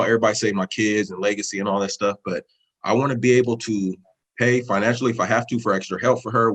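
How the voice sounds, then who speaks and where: A man in his thirties with a low, husky voice tells his story in a casual interview over a video call. He speaks earnestly and with feeling, running his phrases together loosely. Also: rough recording. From California. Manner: earnest, emotional, talks in loose run-on phrases. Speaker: interview guest, student sharing a success story.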